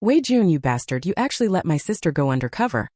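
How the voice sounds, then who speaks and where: Woman voicing a hot-tempered brother, loud, scolding, wide swings. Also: fairly low pitch, very animated, fast talker, no room sound, studio quality. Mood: angry.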